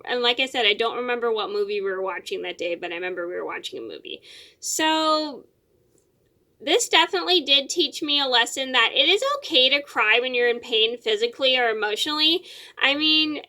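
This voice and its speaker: A woman's voice: on the high side, sharp tone. A young adult woman vlogger telling a personal story in a casual, rambling way, with lots of fillers and repeated words.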